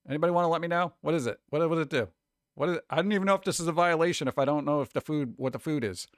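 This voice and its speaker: A man's voice: fairly high pitch, fairly bright tone, smooth, no room sound, clean studio sound. A man from New York with a New York accent, hosting a casual livestream and reacting to chat in a sarcastic, mock-exasperated way. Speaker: streamer host.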